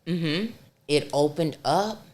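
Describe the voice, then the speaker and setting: A middle-aged woman, a podcast guest, telling a dramatic story in a casual, animated way. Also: sits low, slow.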